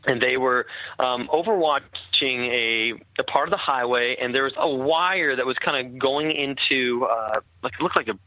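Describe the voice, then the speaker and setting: A man's voice: medium pitch, normal speed, no echo. A man, a former army captain, earnestly telling a personal war story in casual conversation, with many fillers and restarts. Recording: tinny phone-like line.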